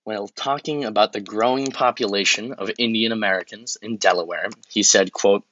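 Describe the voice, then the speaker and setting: A man's voice: fairly low pitch, brisk, a bit bright, lo-fi sound, slight background noise, lightly acted. A man playing a flustered, awkward campaign spokesman in a comedy sketch, stumbling over bad examples and muttering asides.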